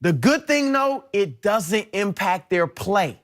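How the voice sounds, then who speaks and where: High-voiced man arguing sports on air. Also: very animated. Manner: measured, explanatory, with frequent restarts. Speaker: sports debate panelist. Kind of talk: studio sports debate.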